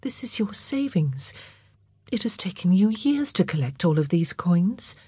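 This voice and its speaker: A woman voicing a patient young woman who gently soothes her younger siblings in an audiobook. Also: on the high side, animated, normal speed, husky, no room sound, studio quality, voice pushed up. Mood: gentle.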